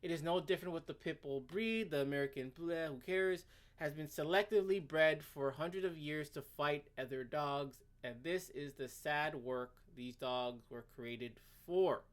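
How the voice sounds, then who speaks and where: A man's voice: fairly high pitch, normal speed. A man hosting a commentary video, reading a web page aloud and ranting about it in a sarcastic, exasperated way, stammering and restarting often. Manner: sudden swings between loud outbursts and muttering.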